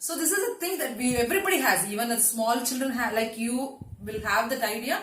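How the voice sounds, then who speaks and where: A woman's voice: fairly high pitch, animated, racing, fairly bright tone. A woman teacher with a Tamil accent telling a story to children, chatty and asking them questions. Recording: echoey room.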